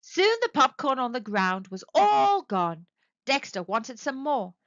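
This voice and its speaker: A woman narrating a children's story aloud in an expressive, sing-song way. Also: high voice, a little slow, no echo, lo-fi sound.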